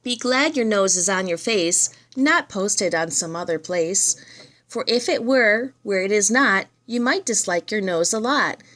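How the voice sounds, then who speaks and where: A woman reading children's poems aloud, in a lively and expressive read-aloud manner. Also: medium pitch. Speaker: reader.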